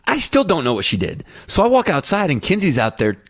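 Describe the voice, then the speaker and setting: A man's voice: a little high, wildly swooping pitch, a little fast, no room sound, studio quality. A middle-aged man co-hosting a podcast, telling a family story in casual chat and acting out his kids' voices. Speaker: podcast co-host.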